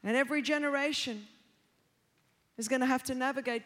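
A woman preaching an emphatic sermon in a large church, shouting key lines and acting out the voices she quotes. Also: sits high, a little fast. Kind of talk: passionate sermon. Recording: reverberant hall, faint crowd.

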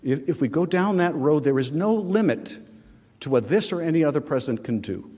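A man's voice: fairly high pitch, animated, brisk, a little mellow, husky. A man presenting a formal legal argument at a podium microphone in a large chamber, earnest and pressing his points. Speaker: prosecuting manager. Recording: long reverb in large chamber.

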